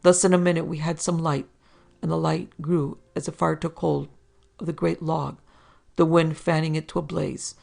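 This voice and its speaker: Very gravelly woman reading a horror tale. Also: deep voice. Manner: steady, measured reading of old-fashioned prose. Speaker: podcast narrator. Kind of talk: scripted horror story narration.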